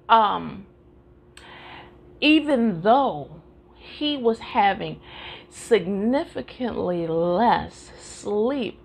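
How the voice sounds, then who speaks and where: A woman teaching a live-streamed Bible study in an animated, preacherly way, calling out to her listeners and urging them on. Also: a little high, slightly rough. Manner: animated, preacherly call-and-response.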